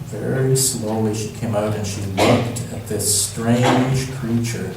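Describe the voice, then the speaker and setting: A man telling a Bible story to children in church, gentle and musing. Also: mid-range voice, a little slow, slight background noise. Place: church sanctuary. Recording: echoey church hall from far off.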